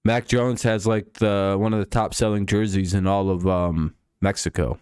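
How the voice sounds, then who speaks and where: A man's voice: on the low side, level tone, moderate pace, a little mellow, clean tone, no echo, clean studio sound. A man hosting a casual live stream, riffing sarcastically and swearing freely. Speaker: podcast host.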